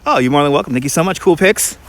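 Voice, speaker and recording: Walking outdoors through a park with a handheld phone, a tour guide and livestream host with a Brooklyn accent chats casually with viewers. His animated, fairly bright voice sits a little high for a man, and he rambles quickly, often restarting his sentences.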